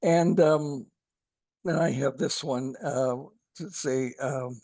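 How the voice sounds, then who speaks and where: Slow, gravelly male podcast guest. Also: mid-range voice, darkish tone, dry recording. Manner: halting, filler-heavy, dry joke telling. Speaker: guest commentator. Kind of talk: casual podcast chat.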